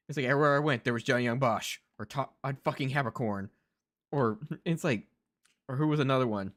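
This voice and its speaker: A man's voice: mid-range voice, fairly bright tone. A young man streaming as a VTuber, reacting to videos with casual, profane, ranting commentary. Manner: ranting, heavy swearing.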